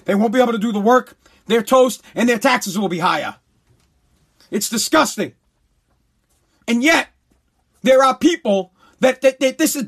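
A man with a strikingly high voice delivers a heated, profane rant. He repeats his points and breaks into shouts. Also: breathy edge. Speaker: commentator. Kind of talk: ranting commentary.

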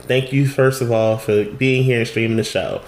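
A man's voice: mid-range voice, fairly even intonation, moderate pace, a little mellow. A man co-hosting a casual podcast over a Skype call, teasing and joking with loose profanity. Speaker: podcast co-host. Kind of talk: casual banter. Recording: uneven call audio.

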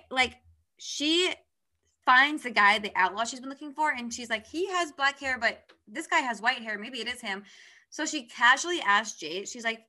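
A woman's voice: fairly high pitch, pushed and bright. A young woman in casual chat, animatedly retelling a book's plot and acting out the characters' lines. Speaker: book podcast co-host.

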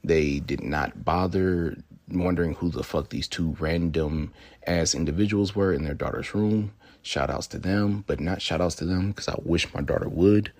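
Deep gravelly man telling a story. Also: normal speed, a little mellow, no echo. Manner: loose and profane, acting out quoted dialogue. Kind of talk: casual personal storytelling.

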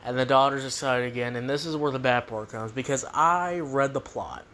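A man's voice: mid-range voice, normal speed, a bit bright. Rambling male movie reviewer, faint room hiss. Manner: rambling, restarts, laughs while retelling scenes. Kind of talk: casual spoken review.

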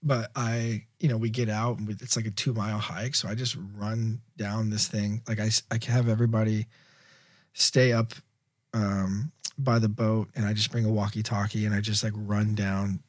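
Rambling and animated, a man who directs films spins a lengthy story during an interview, filling it with verbal fillers. He speaks at a normal pace in a lowish voice, and there's no echo.

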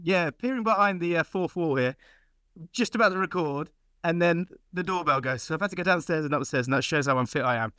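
A man's voice: on the high side, brisk, bright, forceful tone, clear, resonant tone, no echo, studio quality. A man hosting a podcast in a chatty, upbeat way, out of breath from running up and down stairs. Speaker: podcast host. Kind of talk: casual chat.

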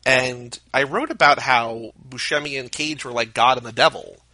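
This man's voice is bright and forward, recorded close and dry. He chats casually as a podcast co-host, wandering into tangents and piling on trivia during a movie watch-along. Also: mid-range voice, animated, moderate pace, no room sound, poor audio. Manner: chatty, digressive, trivia-dropping. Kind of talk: casual movie commentary chat.

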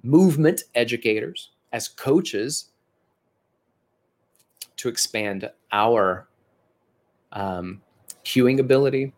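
A man's voice: mid-range voice, expressive, slow, long pauses, darkish tone. A man, a fitness educator and personal trainer, giving a conversational instructional lecture in an earnest, encouraging way with occasional self-corrections.

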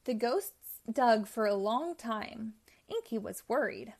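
Slow, high-voiced woman reading a kids' story. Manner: slow, expressive reading with raised voices for characters. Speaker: storybook reader. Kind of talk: children's story read aloud.

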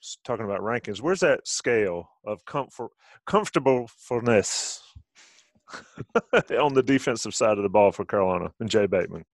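A man's voice: lowish voice, fairly quick, gravelly, no echo. A middle-aged man hosting casual sports talk, rambling with restarts. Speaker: sports radio host.

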